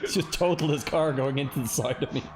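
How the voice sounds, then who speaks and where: A man's voice: mid-range voice, fast, noisy background. A man streaming a racing game, chatting casually with friends and laughing often. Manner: laid-back, laughs often. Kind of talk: casual gaming chat.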